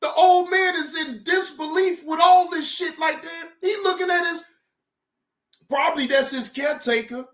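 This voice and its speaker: A woman hosting a reaction video, talking in loud, cursing, indignant outbursts. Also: very high voice, normal speed. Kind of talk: casual reaction commentary.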